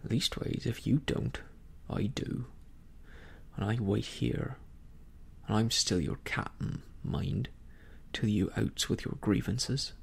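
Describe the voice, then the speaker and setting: A scornful old pirate captain speaks in a whispered role-play, his voice deeply gravelly and breathy, as a storyteller puts him on. He drawls slowly and contemptuously, as if the rest of the crew is beneath him. Now and then he drifts a little farther from the mic. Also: heavily acted.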